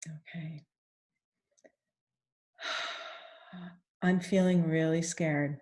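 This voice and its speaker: A woman gently coaches a guided tapping session, repeating phrases in the first person and pausing for sighs and deep breaths.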